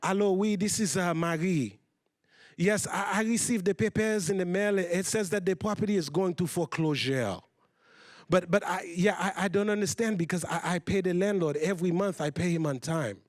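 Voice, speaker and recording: A man's voice: high voice, moderate pace, dry recording, clean studio sound, voice pushed down, close to an everyday voice. A man voicing his anxious immigrant mother, who speaks with a strong foreign accent and stumbles and repeats her words. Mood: worried. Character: immigrant mother, middle-aged woman, anxious.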